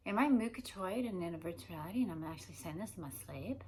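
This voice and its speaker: A woman with a mid-pitched voice talks alone in a long, rambling monologue. She strings question after question together and swears constantly. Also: quick pace, few pauses, slight background noise. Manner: run-on questions, heavy swearing.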